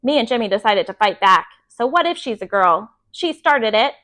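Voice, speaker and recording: High-voiced woman reading a bedtime story. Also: lively intonation, moderate pace, fairly bright tone. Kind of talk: bedtime story read-aloud.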